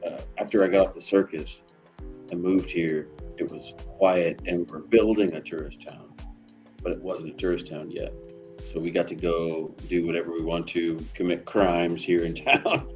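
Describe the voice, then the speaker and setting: A man's voice: low-pitched, steady tone, moderate pace, over music, poor audio. A middle-aged man from Tennessee, chatting casually and telling rambling, profane stories while out delivering. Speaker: delivery driver streamer. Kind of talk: casual chat while driving.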